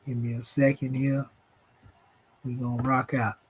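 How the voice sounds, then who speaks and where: A man's voice: mid-range voice, little pitch movement, measured pace, noisy background. A man with a Southern US accent hosting a late-night livestream, reciting spiritual invocations in a preachy way and calling his listeners "family". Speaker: channel host.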